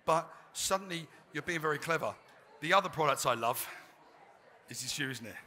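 A man's voice: fairly high pitch, expressive, normal speed, sharp tone. A man, a chef giving a live cooking demonstration, chatty and self-deprecating. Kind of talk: live cooking demo talk. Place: trade fair demo stage.

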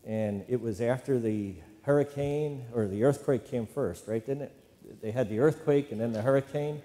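A man's voice: medium pitch, normal speed, dark tone. A man preaching a sermon as a pastor, talking in a conversational way and often checking in with "right?" and call-and-response lines. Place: church sanctuary. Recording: long hall reverb.

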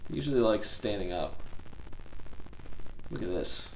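Young man streaming from home, low voice, lively swings in pitch, easy laughter, faint background hiss. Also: unhurried, creaky. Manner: chatty and excitable, laughs easily. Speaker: card-collecting streamer. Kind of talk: casual live-stream chat. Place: home room.

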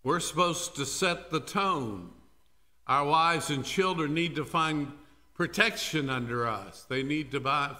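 A man's voice: mid-range voice, bright, forceful tone. A male pastor preaching a sermon in a church worship service, telling the story dramatically and speaking directly to the congregation.

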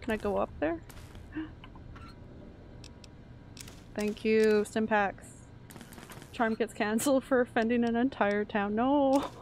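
A young woman from Canada chatting and reacting loudly while streaming a game. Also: fairly high pitch, unhurried, a little hiss or hum. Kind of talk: live game stream commentary.

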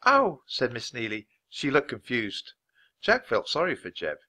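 Man reading a children's book aloud, clear, measured, lively pitch, bright. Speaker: storybook reader. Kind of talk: scripted narration for language learners.

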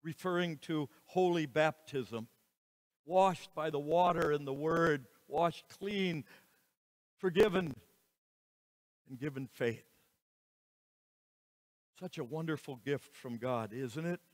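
A man preaching a sermon as pastor, slow and emphatic, with dramatic rises and falls in his voice. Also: a little high. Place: church sanctuary. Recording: reverberant church hall.

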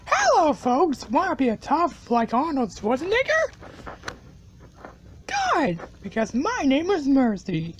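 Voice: high-pitched, wildly swooping pitch, slow pace, a little hiss or hum, exaggerated voice. Someone voicing Mercy, a bragging tough girl. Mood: boastful. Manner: bragging, showy. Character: boastful tough-acting young woman Mercy. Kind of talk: homemade cartoon voice acting.

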